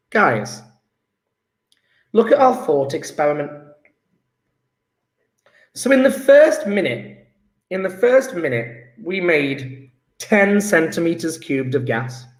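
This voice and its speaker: A man teaching a chemistry lesson live online, enthusiastic and coaxing, praising students by name with quick asides. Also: a little high. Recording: roomy echo.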